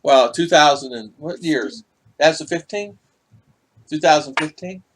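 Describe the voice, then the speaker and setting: A man's voice: on the high side, a little slow. A middle-aged man hosting a casual livestream, chatting and greeting viewers in the chat by name. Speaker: vlog host reading live chat.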